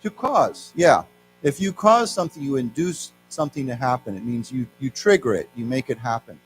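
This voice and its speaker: An American man teaching English to a class, explaining words slowly, having the class repeat them, and dropping Mandarin words into his explanations. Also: medium pitch, expressive, rough recording. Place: lecture room with audience. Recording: faint music and mains hum behind.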